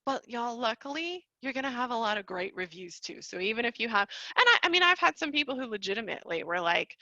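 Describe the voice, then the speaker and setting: A woman teaching a live online class in a bright, forceful voice, chatty and quick to laugh. Her audio is dry and a little dull, like a computer mic on a video call. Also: mid-range voice, expressive, no echo. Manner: chatty, laughs often, calls listeners y'all. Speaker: online course host.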